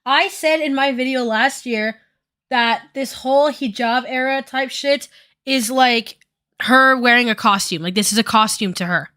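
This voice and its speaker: A woman's voice: on the high side, unhurried, sharp tone. A woman giving casual stream commentary while doing her makeup, rambling with lots of fillers and casual swearing.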